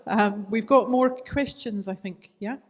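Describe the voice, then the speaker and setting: A woman's voice: medium pitch, measured pace. A woman moderating a panel Q&A, friendly and upbeat. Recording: reverberant hall, off-mic.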